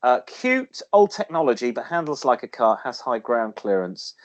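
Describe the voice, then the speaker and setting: A man's voice: mid-range voice, big pitch swings, normal speed, lo-fi sound. A man co-hosting a casual car chat show from a home studio, rambling and joking, now and then putting on silly voices. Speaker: co-host.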